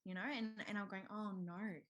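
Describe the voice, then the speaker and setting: A woman's voice: mid-range voice, steady tone, normal speed, dull audio. Candid chatty woman guest. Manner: open, chatty, frequent fillers and laughs. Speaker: podcast guest. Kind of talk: candid conversational interview.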